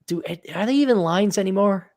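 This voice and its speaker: An American livestream host reads donations and banters with his guest in a casual stream chat, sarcastic, teasing and swearing freely. His high male voice is expressive, brisk and darkish.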